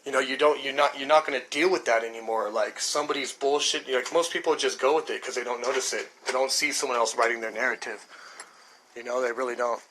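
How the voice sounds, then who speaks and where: A man's voice: medium pitch, steady tone, fast, bright, forceful tone, slight background noise, rough recording. A man in his thirties from the United States talks to his stream in a casual, rambling monologue, swearing often and stressing his points. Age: 30s. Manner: profane, emphatic, thinking aloud. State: dry throat.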